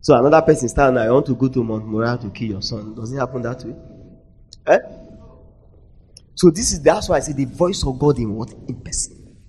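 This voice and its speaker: Preacher, swinging loud to soft. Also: male voice, mid-range voice, a little fast, pauses often, slight background noise, rough recording. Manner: call-and-response prompts, swinging between loud emphasis and near-whispers. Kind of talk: sermon. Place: conference hall.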